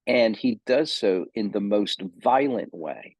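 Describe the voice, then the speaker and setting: A man's voice: lowish voice, expressive, slow, darkish tone, no room sound. A man giving an unscripted seminary lecture on theology, thinking aloud with many ums and self-corrections.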